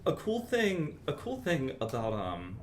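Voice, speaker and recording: A man teaching a private composition lesson, explaining in a relaxed, chatty way with many ums. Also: mid-range voice, unhurried, slight background noise. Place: university music lesson room.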